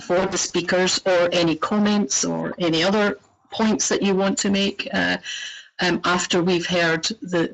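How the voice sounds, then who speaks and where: A woman with a Scottish accent, leading a webinar as executive director, speaking in a friendly but halting way with many fillers over a poor computer microphone. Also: mid-range voice. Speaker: executive director of a parks network. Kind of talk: webinar presentation. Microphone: computer microphone on a web call.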